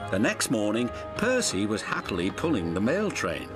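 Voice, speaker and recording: A man narrating a children's storybook in a gentle, expressive read-aloud manner. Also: fairly low pitch, moderate pace, over music.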